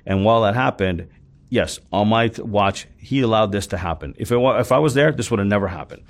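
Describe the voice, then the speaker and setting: A man's voice: fairly low pitch, fairly quick. A man telling his story as a guest in an interview, acting out what others said and swearing freely, getting emphatic when worked up. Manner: retells scenes with quoted dialogue, swears freely; intense, emphatic when upset.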